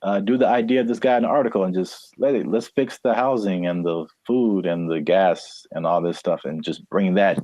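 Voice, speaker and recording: A man co-hosting a casual podcast, rambling with lots of fillers and quick laughs. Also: sits low, dark tone, no echo. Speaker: podcast co-host. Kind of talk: casual chat.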